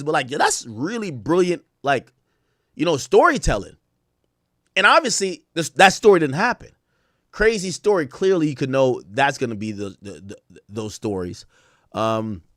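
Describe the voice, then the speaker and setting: A man talks his viewers through rap lyrics on a live stream, rambling with plenty of "like" and "you know." His voice sits a little high and swings widely in pitch. The sound is dry and close, with no room around it. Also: fairly bright tone, no room sound. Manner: explains street slang to viewers. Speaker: stream host reacting to rap songs. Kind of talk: casual live-stream commentary.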